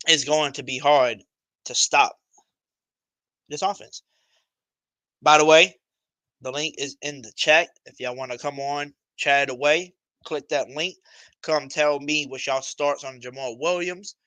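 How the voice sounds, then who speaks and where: Guy hosting a sports stream, bright punchy voice, slangy and repeats himself a lot, dry close mic. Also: mid-range voice, fairly even intonation, unhurried, long pauses, dry recording, rough recording. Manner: emphatic and repetitive, slangy. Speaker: livestream host. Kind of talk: casual sports talk livestream.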